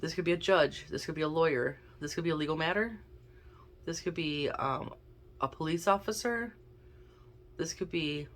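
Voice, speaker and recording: A woman's voice: low voice, moderate pace, long pauses. A woman giving a casual tarot and oracle card reading, chatting and thinking aloud as she draws cards. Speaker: intuitive card reader.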